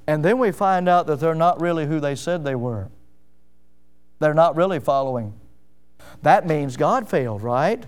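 A man's voice: high-pitched, animated, normal speed, clean tone. A man preaching a sermon in an emphatic manner, driving his points home with frequent rhetorical questions.

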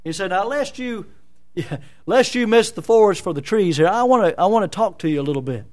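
A man's voice: high-pitched, expressive, a little fast, a little mellow. A man preaching an expository sermon in a church, emphatic and full of rhetorical questions. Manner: emphatic, rhetorical questions, dramatic voicing of scripture.

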